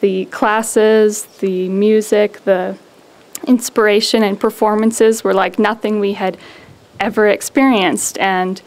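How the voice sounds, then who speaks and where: A woman giving a spiritual talk as a guest speaker, gracious and measured. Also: medium pitch, level tone, a little mellow.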